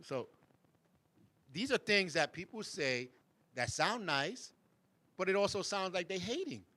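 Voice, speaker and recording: Guy hosting a show, super lively pitch, bright tone, dry close sound, keeps doing silly voices. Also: measured pace, no room sound. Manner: animated, mocks backhanded compliments in sing-song voices, laughs often. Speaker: show host. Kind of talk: casual chat.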